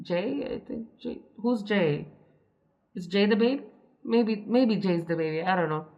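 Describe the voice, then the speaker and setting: A woman's voice: medium pitch, unhurried, a little mellow, muffled recording. A young woman reading an online post aloud and reacting to it in a chatty, giggly way, often breaking off to comment. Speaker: story reader and commentator.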